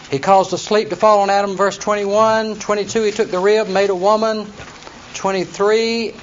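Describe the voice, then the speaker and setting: A man teaching a Bible study class, explaining plainly and reading scripture aloud to his students. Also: sits high. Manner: explains plainly, reads scripture aloud in King James wording. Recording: dull lo-fi recording with faint noise.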